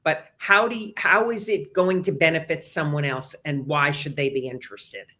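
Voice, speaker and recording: Steady man giving business advice. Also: fairly high pitch, normal speed. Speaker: panelist, communications advisor. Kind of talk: panel discussion.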